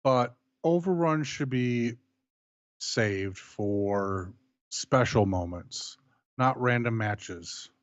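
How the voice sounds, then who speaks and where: A man's voice: medium pitch, drawn-out words, dry recording. Frank male co-host, dull lo-fi sound. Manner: frank, repeats himself, swears. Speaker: co-host of a wrestling review show. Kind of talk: casual chat.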